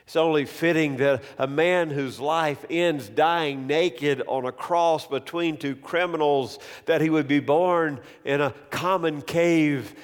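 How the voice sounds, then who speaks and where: Slow, emphatic preacher in an echoing hall. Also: male voice, fairly high pitch, clear, resonant tone. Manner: slow, emphatic, repeats key phrases. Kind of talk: sermon. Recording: long hall reverb.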